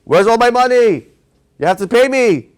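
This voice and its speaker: A man's voice: high voice, expressive, fast talker. A man voicing a greedy king who demands money and later begs for mercy, as part of a told story. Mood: demanding. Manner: demanding, then begging for mercy. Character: greedy fearful male king.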